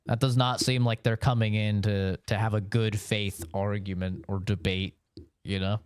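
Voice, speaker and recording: A man's voice: on the low side, flat delivery, normal speed, clean tone, no echo. Casual, profane male game streamer. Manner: rambling, profane, answers chat with frequent "you know". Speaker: gaming streamer. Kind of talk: casual live-stream chat.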